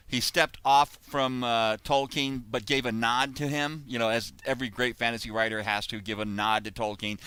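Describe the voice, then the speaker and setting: Bright clear-voiced middle-aged man chatting. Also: medium pitch, no room sound. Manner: chatty, rambling with restarts and laughs. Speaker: co-author and host. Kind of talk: casual chat. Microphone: video call.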